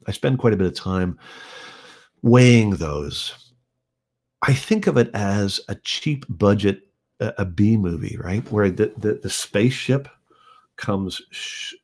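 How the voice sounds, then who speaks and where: A man's voice: on the low side, a little mellow, breathy edge. A man, a songwriter, talking casually and thoughtfully about writing his own song, rambling with restarts and acting out quotes with animation. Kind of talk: reflective casual talk on songwriting.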